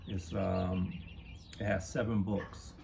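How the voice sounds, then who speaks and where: A man talks slowly and haltingly, filling his pauses with ums as he holds up old books and pictures. His voice is heavily gravelly and sits a little low. Clear background noise runs under the talk. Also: level tone, mellow. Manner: slow, halting, many fillers. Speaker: co-host of a history talk channel. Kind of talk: casual talk, showing books to camera.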